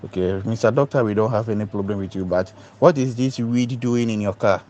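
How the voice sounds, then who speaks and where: A man recounts his ordeal in a dark, mellow voice. He tells it like a storyteller, leaping high in pitch to act out the people involved, and trips over repeated words when agitated. The recording sounds muffled and lo-fi. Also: a little fast, a little hiss or hum. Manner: animated storyteller, acts out other voices with big pitch jumps. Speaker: doctor recounting a police ordeal. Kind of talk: emotional personal account.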